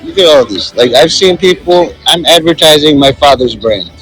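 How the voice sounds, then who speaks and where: A man's voice: fairly high pitch, lively intonation, normal speed, fairly bright tone, soft background music, rough recording. A man vlogging on a city plaza outdoors, rambling and joking into a handheld phone. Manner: rambling and joking, many fillers. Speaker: street vlogger. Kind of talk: casual walking commentary.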